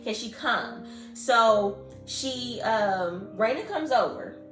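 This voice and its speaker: Animated woman retelling a novel. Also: a little high, slow, roomy sound, faint music behind. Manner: animated storytelling, acting out characters' lines. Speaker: book podcast co-host. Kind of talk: casual chat retelling a novel.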